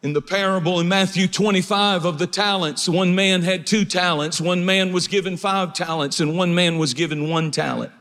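A man's voice: high-pitched, fairly even intonation, normal speed, few pauses, fairly bright tone. A man preaching a sermon as pastor, mixing jokes and stories with exhortation. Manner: humorous storytelling, preacherly. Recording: long hall reverb.

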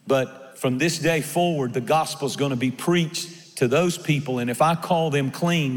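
A man's voice: mid-range voice, big-room sound. A male pastor preaching a sermon, emphatic and given to repeating his words as he tells stories.

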